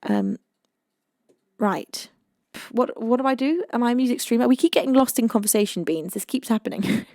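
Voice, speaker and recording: British woman, music stream host, chatty, giggly, mellow voice, dry close sound. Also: fairly high pitch, big pitch swings, moderate pace, dry recording. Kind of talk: casual live-stream chat reading viewer comments.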